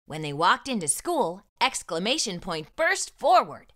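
Animated woman reading to children. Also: medium pitch, measured pace. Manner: animated, sing-song. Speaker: children's storyteller. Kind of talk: picture book read aloud.

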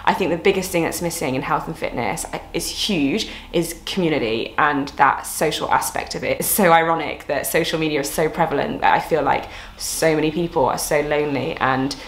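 Young woman coach rambling earnestly to camera, low voice, bit of room echo. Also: a little fast, few pauses, a little hiss or hum. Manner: earnest, reflective, rambling with restarts. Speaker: fitness coach and YouTuber. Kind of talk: candid talking-to-camera vlog.

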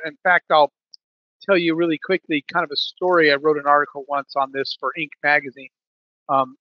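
A man's voice: fairly high pitch, no room sound, highs cut off. A man in a podcast interview, telling a business story with many restarts and fillers. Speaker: podcast guest, business leader.

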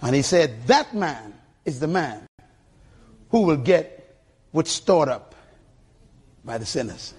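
An older man preaching a sermon to a church congregation with a husky voice, emphatic and calling for responses. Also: a little high, very animated, slow pace, pauses often, darkish tone. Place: church sanctuary.

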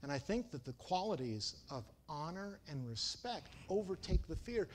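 A male preacher delivers a sermon in a higher-pitched, very lively voice, swinging freely between loud emphasis and quiet asides. A faint hiss of noise sits under the church recording. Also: moderate pace. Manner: storytelling, dramatic swings in pitch and volume.

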